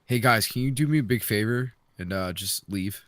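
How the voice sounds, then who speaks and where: A man's voice: lowish voice, moderate pace, fairly bright tone, no echo, close to an everyday voice. A man voicing an unimposing man trying to look tough, mild and awkwardly polite. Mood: sheepish.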